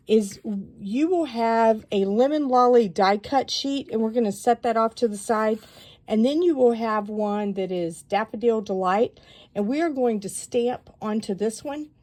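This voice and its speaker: A woman calmly walking viewers through a stamping craft project step by step, chatty and given to rambling asides. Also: fairly high pitch, a little slow.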